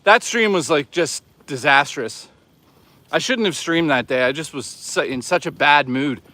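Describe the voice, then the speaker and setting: A man's voice: fairly high pitch, animated, measured pace, pushed and bright, no echo. A man hosting a casual livestream outdoors on a hike, rambling and swearing as he chats with viewers. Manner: rambling, profane, chatty with viewers. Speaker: livestream host.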